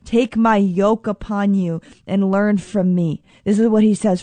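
A woman's voice: medium pitch, steady tone, measured pace, few pauses, mellow, no room sound. A woman preaching a sermon in an earnest, emphatic way, repeating phrases for stress and reading scripture aloud.

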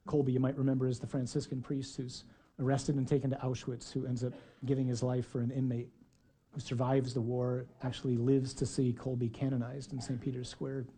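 A man preaching a sermon, acting out shouted dialogue with dramatic flair. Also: medium pitch, level tone, a little fast.

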